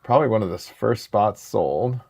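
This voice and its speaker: A man in his thirties hosting a live card break stream, chatting excitedly with viewers in the chat. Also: fairly low pitch, normal speed, vocal fry.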